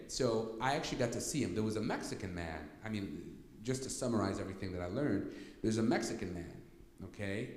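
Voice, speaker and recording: A man with a fairly low voice tells a story to a workshop audience. He is animated and keeps asking the room to follow along. The sound is roomy, with a long reverb from a church hall. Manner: animated, repeats "okay?" to check in with listeners. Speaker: workshop speaker.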